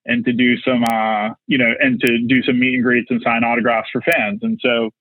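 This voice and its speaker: A man's voice: medium pitch, flat delivery, moderate pace, no room sound. A man telling a story as a podcast guest, rambling with constant "like" and "you know". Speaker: marketing executive guest. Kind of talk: casual anecdote telling. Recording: dull lo-fi sound, dry.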